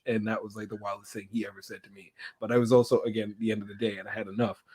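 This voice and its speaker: A man chatting casually, telling rambling stories in a relaxed, slangy and profane way. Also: on the low side, very fast, hardly any pauses. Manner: laid-back storyteller, swears, slangy. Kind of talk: casual chat.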